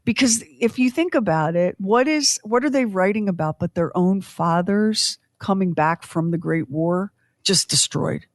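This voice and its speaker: A woman's voice: medium pitch, measured pace, no echo, clean studio sound. A woman in her fifties hosting a podcast, chatting casually with tangents and self-deprecating humor. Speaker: podcast host.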